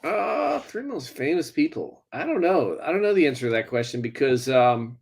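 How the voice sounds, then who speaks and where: A man's voice: medium pitch, sing-song, moderate pace, husky. A man, an actor, answering interview questions casually, hesitant and wry. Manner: hesitant, many fillers, wry. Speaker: actor guest.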